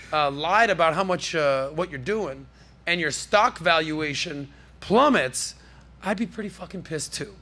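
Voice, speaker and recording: A high-pitched, gravelly man hosting his podcast with bright, forceful energy. He riffs through the news in an animated, jokey way and tosses asides to his crew. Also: moderate pace, a little hiss or hum. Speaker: podcast host.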